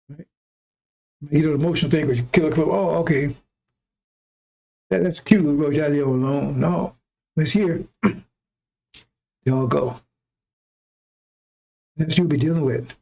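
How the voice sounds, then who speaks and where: A man's voice: a little high, gravelly, mellow, breathy edge. A man preaching an emphatic, rambling sermon to his listeners, with a conversational delivery and frequent chuckling asides. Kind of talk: impassioned street-style sermon.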